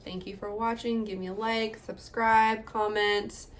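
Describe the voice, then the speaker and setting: A woman's voice: mid-range voice, level tone, unhurried, a little hiss or hum. A young woman, a mother, talking candidly in a casual personal vlog, chatty, with frequent laughs and filler words. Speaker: vlogger, mother.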